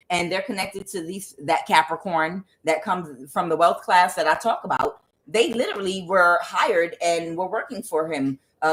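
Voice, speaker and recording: A woman's voice: on the low side, poor audio. A woman reading tarot cards, talking casually at home, rambling with many fillers. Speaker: tarot reader. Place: home with door open.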